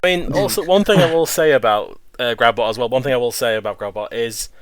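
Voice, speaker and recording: A man's voice: mid-range voice, fast, no echo. A man chatting as a guest in a casual group talk, rambling and laughing often. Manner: giggly, rambling. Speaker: podcast guest. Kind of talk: casual chat.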